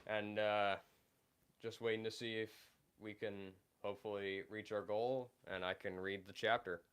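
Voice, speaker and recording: Deep-voiced man rambling on a stream. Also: flat delivery, moderate pace, a bit bright, clear, resonant tone. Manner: rambling and hesitant, many fillers and restarts. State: recovering from illness. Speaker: livestream host reading chat. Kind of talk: casual live-stream chat.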